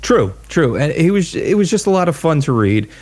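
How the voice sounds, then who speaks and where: A man's voice: a little high, big pitch swings, moderate pace, a little mellow, no room sound. A man co-hosting a casual gaming podcast, chatty and nostalgic, rambling through stories. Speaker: podcast co-host. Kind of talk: casual chat.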